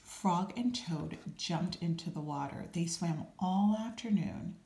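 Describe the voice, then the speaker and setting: A woman reading a children's storybook aloud, calm and unhurried, adding small asides. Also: fairly low pitch. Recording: roomy echo.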